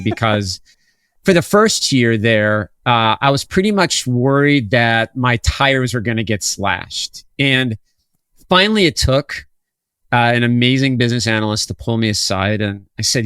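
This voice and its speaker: Animated male podcast storyteller, dry sound. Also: mid-range voice, dry recording. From Wisconsin, USA. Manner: animated storyteller, acts out dialogue. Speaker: podcast co-host. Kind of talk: casual chat, storytelling.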